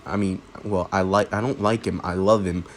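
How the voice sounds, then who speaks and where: A man voicing an upset teenage girl who clings to her boyfriend, in a quiet, low-key delivery. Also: fairly even intonation, moderate pace, a little hiss or hum, close to an everyday voice. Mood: tearful.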